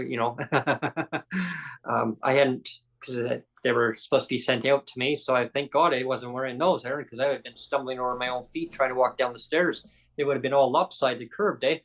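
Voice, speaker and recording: A man hosts a laid-back podcast conversation, recounting a story with lots of energy and performing the voices of the people in it. His voice is medium in pitch, and the audio quality is poor.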